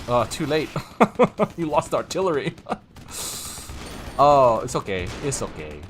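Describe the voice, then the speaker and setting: A man's voice: medium pitch, big pitch swings, takes it slowly, long pauses, a bit bright, a little hiss or hum. A man casually commentating a strategy game on a live stream, rambling, interrupting himself and chuckling often, with game gunfire behind him.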